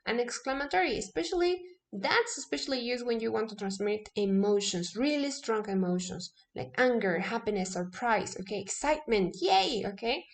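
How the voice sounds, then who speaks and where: A woman teaching a casual English lesson, who stresses key words, tags her points with a quick "okay?", and restarts now and then. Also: fairly high pitch.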